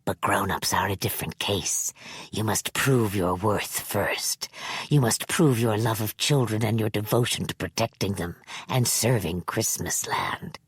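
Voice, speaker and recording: A woman voicing a sinister old man who lures children, speaking slowly in a low hushed half-whisper in an audiobook reading. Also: slightly rough, no echo, exaggerated voice. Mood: coaxing. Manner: slow, solemn, coaxing. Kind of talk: audiobook character voice.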